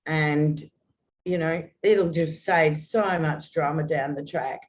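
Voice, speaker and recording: With a low-pitched voice and a slow pace, a woman in her fifties shares earnestly and at length as a guest, frequently starting over. The open, heartfelt conversation comes through dull lo-fi audio with slight background noise.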